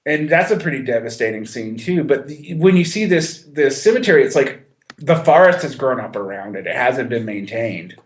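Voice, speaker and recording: A man's voice: mid-range voice, animated, normal speed, echoey room. A man co-hosting a podcast, chatting casually about a film with many restarts and some laughter. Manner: conversational, with frequent restarts and a little laughter. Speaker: podcast co-host.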